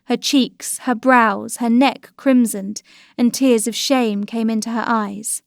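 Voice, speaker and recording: A woman narrating a classic novel as an audiobook, in a measured, even storytelling manner. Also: fairly high pitch, vocal fry, no room sound, clean studio sound.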